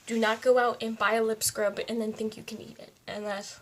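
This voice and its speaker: A woman's voice: fairly high pitch, little pitch movement, brisk. A woman talking casually through a makeup tutorial at home, chatting to herself as she works. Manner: chatty, talks to herself while applying makeup. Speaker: beauty vlogger. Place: home, indoors.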